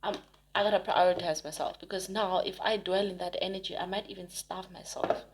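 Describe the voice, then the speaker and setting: A woman's voice: on the low side, little pitch movement, fairly quick. A woman giving a casual spoken tarot reading to her viewers, chatty and emphatic, rambling with frequent restarts. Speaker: tarot reader.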